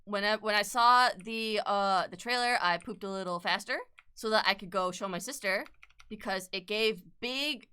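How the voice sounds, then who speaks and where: A young adult woman chatting casually on an art livestream, excitable and gushing, swearing freely and laughing often. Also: medium pitch, normal speed, clean tone. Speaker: artist livestreamer. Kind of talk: casual chat while drawing.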